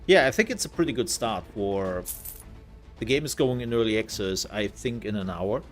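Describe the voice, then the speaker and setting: A man's voice: lowish voice, expressive, moderate pace, soft background music. A man giving casual let's-play commentary, thinking aloud as he plays and trailing off into fillers. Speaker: gaming content creator.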